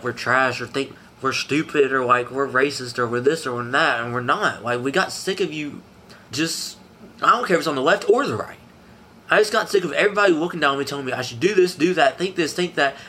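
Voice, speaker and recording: A young man with a high voice, from the Southern mountains, speaking through tears. He rambles and halts, circling back on the same words as he pours out his feelings. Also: sharp tone, slight background noise. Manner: rambling, halting, repeating himself. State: crying. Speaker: interviewee. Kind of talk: emotional personal testimony.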